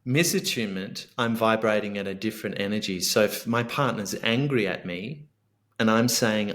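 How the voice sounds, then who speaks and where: An earnest, middle-aged man talks in a fairly low voice as a podcast guest. He explains his ideas reflectively and slips into short spoken examples of what he would say to someone. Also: normal speed, a bit bright. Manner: earnest, reflective, acts out sample dialogue. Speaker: guest author and coach. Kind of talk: podcast interview.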